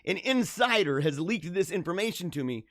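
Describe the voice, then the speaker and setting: Animated, jokey man hosting a live stream. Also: sits high, moderate pace, no room sound, studio quality. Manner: animated, jokey, laughs often. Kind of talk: casual live stream chat, reading viewer comments.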